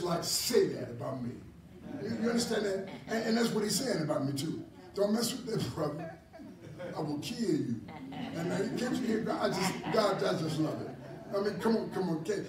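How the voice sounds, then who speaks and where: A man preaching a Bible class in a church hall, animated and repetitive, often chuckling. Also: high voice, fairly quick, crowd noise. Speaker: apostle teaching a ministry class. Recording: echoey hall from far off, faint noise.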